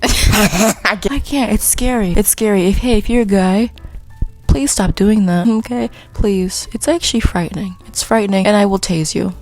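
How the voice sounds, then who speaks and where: Young woman rambling to her camera, giggly, goes off track constantly, soft music faintly behind. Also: mid-range voice, normal speed. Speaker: vlogger. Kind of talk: casual rambling vlog. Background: faint background music.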